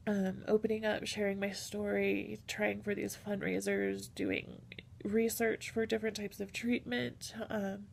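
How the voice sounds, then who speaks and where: A woman's voice: medium pitch, flat delivery, a little slow, creaky, a little hiss or hum. A woman vlogging casually and candidly, hesitant and full of ums, walking viewers through her daily routine. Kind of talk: casual personal vlog.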